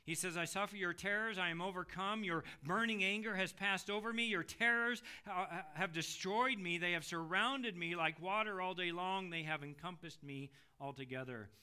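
A middle-aged male preacher with a very bright, forceful tone and a slightly high voice. He preaches with drama, rising into loud, pleading passages and then dropping into hushed, low readings of scripture. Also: moderate pace, hardly any pauses, clean tone. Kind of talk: expository sermon.

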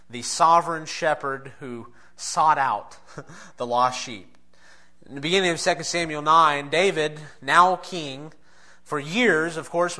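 A man delivers a sermon in a bright, slightly high voice. He speaks earnestly, pressing his listeners with direct questions. A soft chuckle slips in here and there. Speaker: preacher.

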